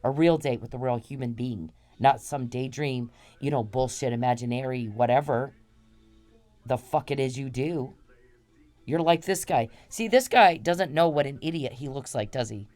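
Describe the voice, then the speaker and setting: A woman's voice: extremely low pitch, normal speed, a little mellow, soft background music. A woman hosting a podcast, delivering an angry, repetitive, profane monologue aimed straight at one man. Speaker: podcast host.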